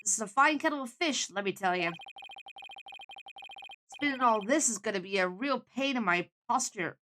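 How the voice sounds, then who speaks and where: A woman's voice: fairly high pitch, animated, very slow, sharp tone, slight background noise, exaggerated voice. A woman reading the lines of a brash, grumbling middle-aged male showbiz producer from a video game. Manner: blustering, complaining.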